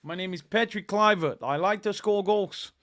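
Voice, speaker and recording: Man doing a cheery Dutch footballer, put-on accent, high, bragging. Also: normal speed, a bit bright. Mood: boastful.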